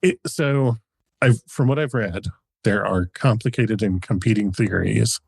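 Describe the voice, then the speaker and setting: Husky man telling a history story. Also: fairly low pitch, unhurried, dry recording. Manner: chatty researched storytelling, frequent chuckles. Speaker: podcast co-host. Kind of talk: casual history podcast storytelling.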